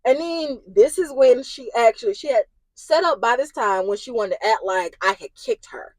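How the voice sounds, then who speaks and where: A woman's voice: on the high side, lively intonation, moderate pace, dry recording, rough recording. Upset young woman venting a story. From Indiana. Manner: agitated, rising to yelling in retold arguments. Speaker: vlogger. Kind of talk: emotional storytime.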